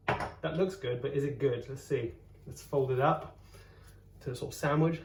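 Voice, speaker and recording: A man hosting a casual cooking vlog from his home kitchen, joking around and exclaiming loudly as he tastes. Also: mid-range voice, moderate pace, long pauses. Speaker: host, comedian cooking at home. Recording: roomy kitchen sound. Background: faint background music.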